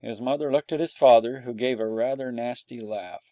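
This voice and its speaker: A man's voice: mid-range voice, normal speed, dark tone, dry recording. A man narrating a storybook in the first person as a dog, with wry, dry humor. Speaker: audiobook narrator.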